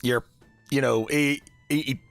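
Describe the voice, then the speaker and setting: A man's voice: medium pitch, fairly even intonation, slow, gravelly, fairly bright tone, no echo, soft background music. A man narrating as game master, hesitant and full of fillers. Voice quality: hesitant, lots of fillers, laughs easily.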